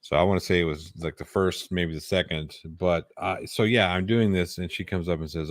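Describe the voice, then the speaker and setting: Laid-back middle-aged male co-host, very deep voice, dry close sound. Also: a little fast, hardly any pauses, a bit bright, no room sound. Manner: laid-back, swears casually. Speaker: live stream co-host. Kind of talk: casual chat.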